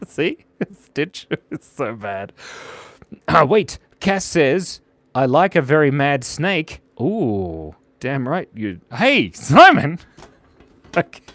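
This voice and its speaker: Man, playful live drawing host, lively pitch, chatty, mumbles while sketching. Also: very slow, long pauses, no echo. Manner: playful, chatty, reads out viewer comments, often drops to a mumble while drawing. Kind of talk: live drawing stream chat.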